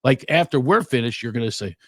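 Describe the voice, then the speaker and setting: Talking fast in a mid-range voice, a middle-aged comedian appears as a podcast guest, animatedly acting out quotes as he tells stories in casual chat. The sound is clean studio audio with no echo.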